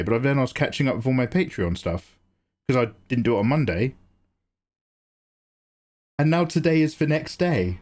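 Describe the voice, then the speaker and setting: A man's voice: medium pitch, lively intonation, normal speed. A man chatting loosely on a drawing livestream, swearing, joking and greeting chat by name. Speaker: streamer and artist.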